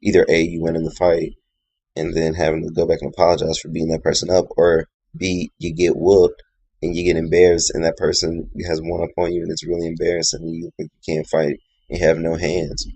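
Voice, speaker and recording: A man's voice: deep voice, monotone, fairly quick, warm tone, slightly rough, no room sound. A man giving a casual, opinionated video review of a reality show, rambling with plenty of "you know" and "like".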